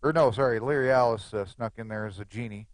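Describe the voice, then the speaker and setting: A man's voice: mid-range voice, fast talker, no room sound. Chatty man calling an online poker game. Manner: chatty, joking asides. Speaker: poker commentator. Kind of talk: live play-by-play commentary.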